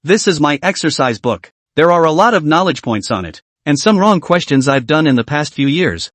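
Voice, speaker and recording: Man doing a teenage schoolgirl, earnest, teasing, coaxing, lively pitch, dry sound. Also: normal speed, no echo. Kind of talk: storybook narration of a comic.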